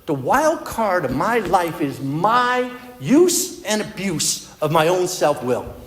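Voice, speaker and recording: Man, somewhat high voice, earnest storytelling, recovery meeting talk, echoey hall, long reverb. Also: big pitch swings, takes it slowly, fairly bright tone, faint music behind. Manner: earnest, conversational storytelling with restarts. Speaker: AA speaker.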